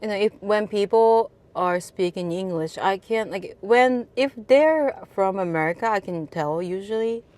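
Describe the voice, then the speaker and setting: A woman's voice: mid-range voice, measured pace, few pauses, a little mellow. A woman from Japan, a cab driver, telling a casual story with many fillers and restarts.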